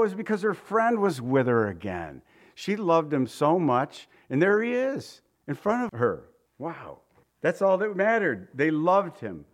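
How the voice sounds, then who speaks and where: A man preaching a conversational Easter sermon, joking with the congregation and asking rhetorical questions. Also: on the high side. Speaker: pastor.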